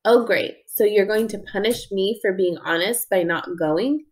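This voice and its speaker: A woman reading as a moody teenage girl, defensive and sharp-tongued. Her lines come out clipped and resentful. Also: medium pitch, measured pace, lightly acted.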